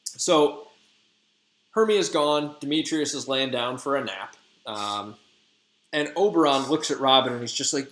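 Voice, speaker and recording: A man's voice: medium pitch, unhurried, a bit bright. A man in his thirties, a teacher retelling a play in chatty, jokey, slangy talk. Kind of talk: casual lesson retelling a play. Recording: echoey room.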